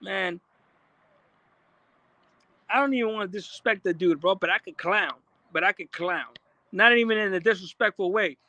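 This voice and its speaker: A man giving casual, profane commentary, animated and repeating himself as he talks. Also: high voice, moderate pace, pauses often, dry recording. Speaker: commentator reacting to an interview.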